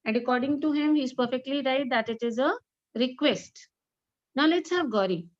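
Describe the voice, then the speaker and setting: Woman, schoolteacher, slightly high voice, patient and encouraging, dull lo-fi audio. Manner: encouraging, repeats example sentences slowly. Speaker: English teacher. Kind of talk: online grammar class with students.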